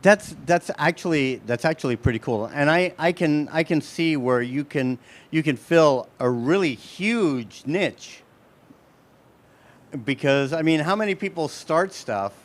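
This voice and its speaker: A man's voice: fairly high pitch, lively intonation, measured pace. A man hosting a casual interview, joking around and often repeating his words as he talks. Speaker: host.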